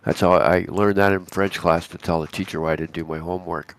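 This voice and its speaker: A man, hoarse and raspy from a cold, co-hosting a live futures trading stream in a chatty, rambling way with many restarts. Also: deep voice, flat delivery, fairly quick. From Canada. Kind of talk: casual live market commentary.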